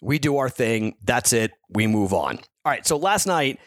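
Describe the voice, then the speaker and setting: A man's voice: mid-range voice, big pitch swings, measured pace, a bit bright, no echo, studio quality. Frustrated man hosting a betting podcast. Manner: frank, heated, rambling with restarts. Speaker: sports betting podcast host. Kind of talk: casual solo podcast talk.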